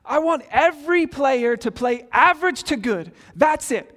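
Man doing a British soccer coach, stern and shouting, high and loud, hall echo. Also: lively intonation, measured pace, heavily acted. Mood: stern lecturing. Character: angry red-faced British male soccer coach.

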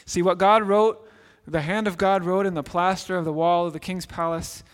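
A man preaching a sermon as pastor, earnest and emphatic, dropping softer on key phrases. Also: high voice, steady tone, normal speed. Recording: long reverb in a large hall.

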